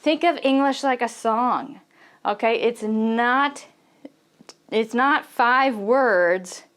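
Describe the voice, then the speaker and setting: Young woman, english teacher, unhurried, crisp voice, animated and laughing. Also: a little high. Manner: animated storytelling, laughs often. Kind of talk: casual teaching to camera.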